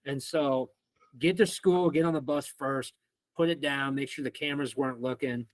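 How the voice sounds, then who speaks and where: A young man from Missouri telling a rowdy school story as a podcast guest, animated and swearing freely. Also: medium pitch, normal speed, dry recording. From Missouri, United States. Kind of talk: casual storytelling.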